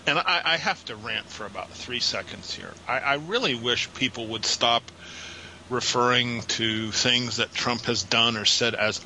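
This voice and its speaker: A man's voice: mid-range voice, measured pace, bright, forceful tone, a little hiss or hum, rough recording. A man calling into a chat show, exasperated and wry, ranting in a casual way. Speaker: caller.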